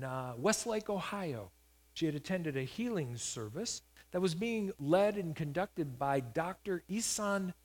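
Man preaching with a high voice. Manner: storytelling preacher, rising to loud emphatic peaks. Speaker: pastor. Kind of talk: sermon.

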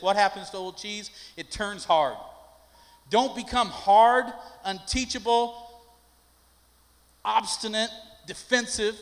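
Older pastor guy preaching, high voice, folksy storyteller, big echoey church. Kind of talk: sermon. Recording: long hall reverb.

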